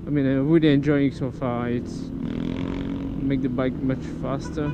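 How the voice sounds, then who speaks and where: This motovlogger from France speaks with a French accent in a medium-pitched, fairly flat voice at normal speed, rambling and swearing freely while correcting himself. The dull recording from his helmet-mounted action camera carries heavy traffic and engine noise from the city streets.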